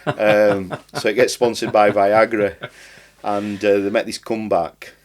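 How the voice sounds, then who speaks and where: This Barnsley-born writer and comedian speaks a little slowly in a level, low-leaning, slightly mellow voice. Appearing on a podcast, he chats casually and meanders, his broad South Yorkshire dialect full of dropped words.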